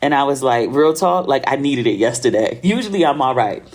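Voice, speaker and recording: A woman's voice: extremely low pitch, very animated, fairly quick, a little mellow. Chatty American woman podcast host. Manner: chatty storytelling with laughs and slang. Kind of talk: casual solo podcast monologue.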